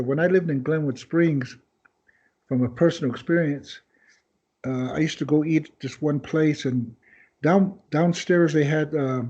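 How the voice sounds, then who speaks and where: A man with a fairly high but dark-toned voice guests on a podcast, telling rambling anecdotes in a casual storytelling style. He acts out other people's lines along the way, and the recording has dull lo-fi podcast quality.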